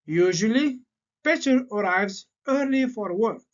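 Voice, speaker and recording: A man whose first language is French, teaching an English grammar lesson and laying out word-order patterns slowly and deliberately. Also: high-pitched, lively intonation. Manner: slow, deliberate explaining with repeated patterns. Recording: slightly dull lo-fi sound.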